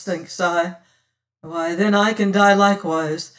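Taking it slowly with fairly even intonation, a mid-pitched narrator reads a dramatic first-person audiobook. The delivery swells on exclamations and softens to a hush in quiet passages, heard through a distant mic.

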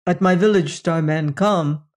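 A reader voicing a gentle, sorrowful alien villager who speaks in formal, old-fashioned phrases, in an audiobook story. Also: mid-range voice, measured pace, lightly acted. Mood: hopeful. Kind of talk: audiobook reading.

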